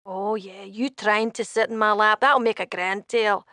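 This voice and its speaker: An actress playing a blunt, sharp-tongued young female tiefling thief with a tail in game dialogue. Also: mid-range voice, steady tone, normal speed, dry recording, studio quality. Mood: scornful.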